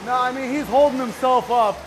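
High-voiced man coaching with easy banter. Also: a little fast, a little hiss or hum. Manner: relaxed banter, calls out countdowns. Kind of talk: casual chat while coaching a workout. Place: gym.

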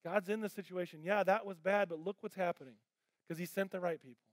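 A pastor preaching a sermon in a church auditorium, passionate and conversational, with frequent fillers and restarts. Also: male voice, high-pitched, steady tone, fast, no echo.

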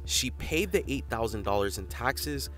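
A man narrating a documentary in an even, scripted delivery. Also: mid-range voice, moderate pace, soft background music.

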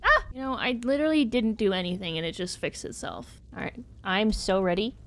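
A woman's voice: mid-range voice, expressive, brisk. A young woman streaming a game, talking to herself and her chat, swearing and shrieking in sudden bursts. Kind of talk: casual gaming commentary.

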